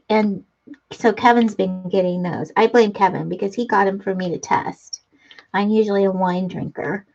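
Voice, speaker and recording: A middle-aged woman hosting a casual live stream, chatting and reading comments aloud, laughing often. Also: medium pitch. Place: home craft room. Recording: dull lo-fi live-stream audio.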